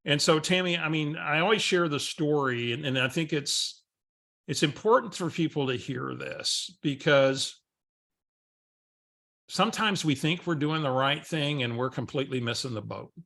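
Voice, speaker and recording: A man's voice: fairly high pitch, normal speed, vocal fry, a bit bright. A man co-hosting a coaching webinar, talking conversationally and acting out bits of dialogue as he tells a story. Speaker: real estate coach, co-host.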